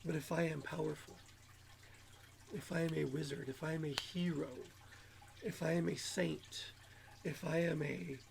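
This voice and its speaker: A man's voice: fairly high pitch, steady tone, moderate pace, gravelly, long pauses, darkish tone, a little hiss or hum. A man hosting his channel in a rambling self-help monologue, sounding a little nasal from allergies. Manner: rambling, musing, repeats words. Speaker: channel host.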